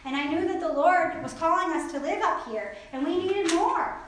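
A woman's voice: extremely high pitch, normal speed, fairly bright tone, roomy sound, a little hiss or hum. A woman preaching a sermon to a congregation, talking in a conversational, emphatic way with asides. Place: church service.

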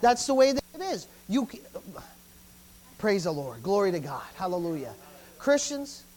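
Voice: medium pitch, very animated, moderate pace, a little mellow. A preacher delivering an emphatic sermon, breaking in with "praise the Lord" and "amen" and building up through repeated phrases. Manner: repeats phrases in driving runs.

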